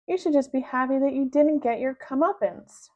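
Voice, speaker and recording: A cheeky schoolboy trades wisecracks in a bright, high voice, as a woman reads him aloud. He sounds teasing and quick-witted. The recording is slightly dull. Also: lightly acted. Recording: dull low-fidelity sound.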